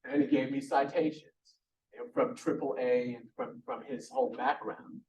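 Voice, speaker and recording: A man's voice: medium pitch, steady tone, moderate pace, a little mellow, a little hiss or hum. A man adding to a conference presentation, telling anecdotes in a conversational way. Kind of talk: conference talk. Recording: distant mic.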